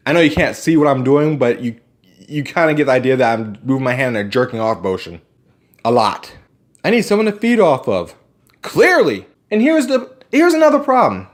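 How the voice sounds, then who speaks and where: A man's voice: mid-range voice, very animated, a little fast. A man delivering an angry, profane, sarcastic rant on his vlog. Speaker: vlogger ranting about roleplay community.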